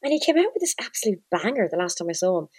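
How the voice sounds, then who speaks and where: A woman co-hosts a podcast from her living room in a wry, teasing manner. Her voice sits at a middle pitch. The sound is close and dry. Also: very animated, very fast, a little mellow, husky, dry recording. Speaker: podcast co-host. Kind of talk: casual chat.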